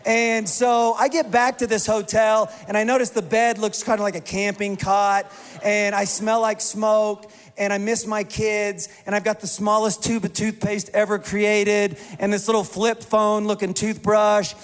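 A male pastor with a high-pitched voice tells a story to his congregation in a lively, self-deprecating way. His words tumble out in quick bursts. A long reverb from the large church hall trails each phrase. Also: smooth. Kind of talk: storytelling sermon.

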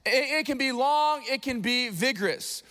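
A man in his thirties, a pastor preaching a sermon in church, telling a story with big swings from hushed to loud. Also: very high-pitched, animated, moderate pace. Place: church sanctuary.

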